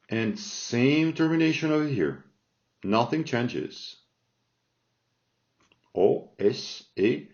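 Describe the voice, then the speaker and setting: Slow man teaching grammar, lo-fi sound. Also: medium pitch, a little mellow. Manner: slow, repeats forms, checks in with "all right?". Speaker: Spanish teacher. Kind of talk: explaining grammar from a chart. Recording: dull lo-fi sound.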